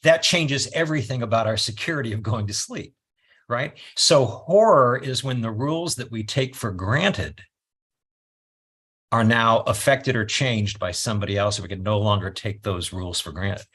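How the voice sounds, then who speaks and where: A man's voice: on the low side, normal speed, fairly bright tone, breathy edge. A man in casual conversation, telling stories with animation and laughing often. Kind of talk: casual chat.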